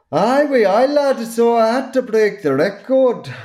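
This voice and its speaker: Guy doing a cheeky scottish bloke, big jokey brogue, way higher than his normal voice. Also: very animated, slow, darkish tone, full character voice. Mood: joking. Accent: Scottish (put on). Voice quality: broad, jokey put-on brogue. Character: exaggerated Scottish cyclist man, gruff and cheeky.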